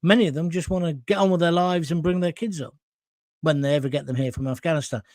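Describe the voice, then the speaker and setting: A man's voice: fairly high pitch, fast, darkish tone, no echo, studio quality. A man hosting a live stream. He reads viewers' comments aloud and answers them in a blunt, emphatic, opinionated way, with some mild swearing, and he sounds hot and sweaty. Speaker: host of a live current-affairs stream.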